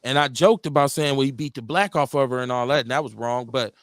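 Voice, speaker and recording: A man's voice: mid-range voice, fast, dry recording. A man hosting a live talk radio show, loose and profane, joking between serious points.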